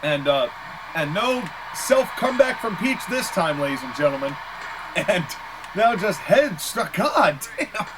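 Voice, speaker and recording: Excitable male play-by-play caller with a bouncy, animated delivery, recorded with a lot of background noise. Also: high voice. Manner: excitable, quick to laugh, exclaims at big moves. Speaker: play-by-play commentator. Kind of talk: casual play-by-play commentary.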